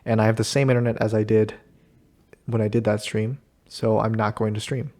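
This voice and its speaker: A man's voice: fairly low pitch, level tone, brisk, a little mellow. A man hosting a casual chat with a friend, easygoing and laughing often. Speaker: host.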